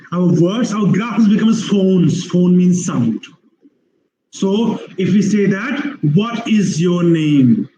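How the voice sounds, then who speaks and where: High-pitched guy teaching english online, restarts a lot, stretches out examples, roomy echo, bit of noise. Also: dark tone. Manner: explanatory, repeats phrases, many restarts; drawn-out spoken examples. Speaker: university English lecturer. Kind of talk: online webinar lecture. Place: room, online webinar.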